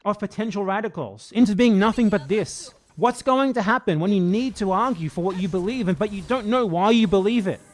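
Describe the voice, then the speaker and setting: A man's voice: high-pitched, lively intonation, a little fast, few pauses. A man hosting reaction commentary, exasperated and argumentative, swearing often as he rebuts. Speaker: commentary channel host.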